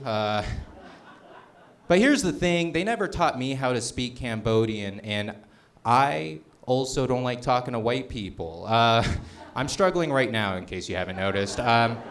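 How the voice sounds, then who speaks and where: A young man from northern Colorado doing a stand-up set with crowd work, halting and self-deprecating with many restarts. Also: medium pitch, fairly bright tone. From northern Colorado, USA. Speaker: stand-up comedian. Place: comedy club stage.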